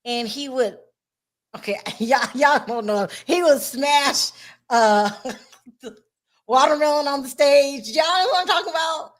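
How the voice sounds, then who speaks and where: A woman hosting a casual livestream chat, talkative and expressive, laughing often. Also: high voice, a little slow. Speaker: host.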